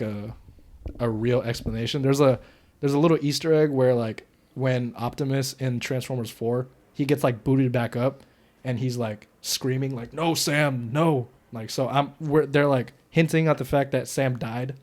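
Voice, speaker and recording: Young male podcast co-host, loose and profane, bursts of loud excitement over a mid-pitched voice. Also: normal speed. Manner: loose and profane, gets loud when worked up. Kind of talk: casual movie review chat.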